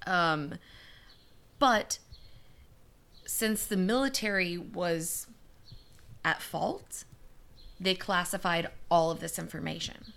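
A woman's voice: lowish voice, slow pace, creaky, pauses often, a bit bright. A young woman co-hosting a podcast, casually recounting a disaster story with fillers and the odd curse word. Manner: chatty, swearing, many fillers. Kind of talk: casual chat.

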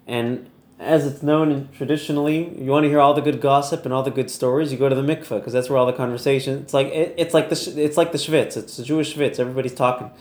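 A man's voice: medium pitch, darkish tone, reverberant. A man teaching an online Torah lesson in a casual, chatty storytelling manner, laughing easily.

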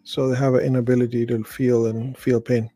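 A man's voice: mid-range voice, flat delivery, fairly quick, warm tone, dry recording, soft background music. A middle-aged man hosting, reading cases aloud in a casual commentary style, stumbling and restarting, with offhand asides. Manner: reads aloud with slips and restarts, adds asides. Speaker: host reading and reacting to stories.

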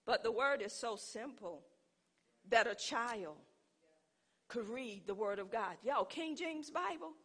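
A woman's voice: on the high side, expressive, takes it slowly, a bit bright, husky. A woman preaching a sermon, calling out to her congregation and building to fervent emphasis. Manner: call-and-response preaching, rising to fervent emphasis.

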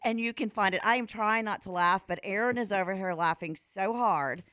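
A woman's voice: medium pitch, moderate pace, fairly bright tone, no echo, clean studio sound. A woman presenting a sports segment on the radio, chatting and giggling as she explains a story. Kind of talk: casual radio chat.

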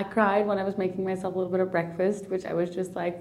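A woman's voice: mid-range voice, fast, vocal fry, a little mellow. A woman hosting a personal spiritual podcast, talking earnestly and emotionally, near tears, often restarting and repeating phrases. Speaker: podcast host.

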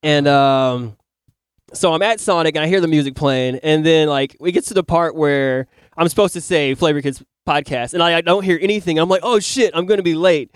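Kinda high-voiced guy telling a story on his podcast, acts out the quotes, cusses a lot. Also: moderate pace, smooth, no room sound, studio quality. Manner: animated storyteller who acts out his own quoted lines, swears casually. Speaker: podcast host. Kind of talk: casual chat, telling a dream.

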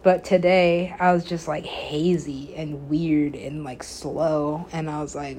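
A woman's voice: low voice, fairly even intonation, slow pace, few pauses, mellow, slight background noise. A woman hosting a podcast, telling a personal story in a rambling casual way, full of filler words, swearing and frequent laughs. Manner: laughs often while telling. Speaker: podcast host.

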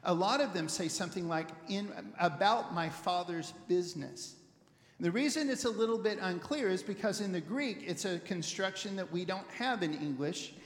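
A male pastor giving a conversational sermon as an animated storyteller who repeats words while he thinks. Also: high-pitched, brisk, few pauses. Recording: echoey hall with long reverb.

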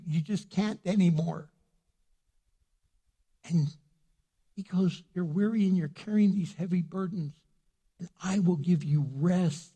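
A man's voice: a little high, slightly rough. Preaching man in a reverberant church. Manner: animated, with joking asides and rising fervor. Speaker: pastor. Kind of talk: sermon.

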